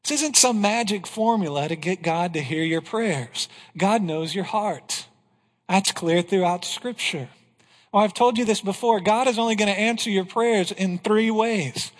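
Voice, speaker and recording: A man with a high voice preaches a sermon, driving his points home with rhetorical questions and then dropping low and quiet on the lines that matter. His voice carries a long reverb from the church hall around him. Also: measured pace. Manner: emphatic preaching, rhetorical questions, drops to a hush for key lines. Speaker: pastor. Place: church sanctuary.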